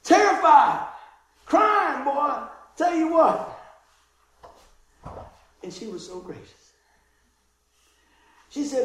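Animated high-voiced man preaching in an echoey hall. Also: normal speed, long pauses. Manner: animated, laughing, storytelling with acted voices. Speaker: pastor. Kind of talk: sermon with personal storytelling.

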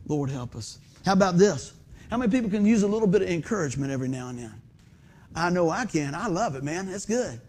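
A man's voice: sits high, fast. A pastor in his fifties preaching a conversational sermon in a church, quizzing the congregation and joking about himself. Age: 50s. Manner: animated, quizzes the congregation, self-deprecating humor. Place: church sanctuary under stage lights.

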